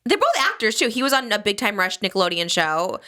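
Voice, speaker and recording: A woman in her thirties hosts a loose podcast chat, her voice bright and forward. She rambles through stories, leans on fillers and giggles often. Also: mid-range voice, very animated, fast talker. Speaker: podcast host. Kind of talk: casual chat.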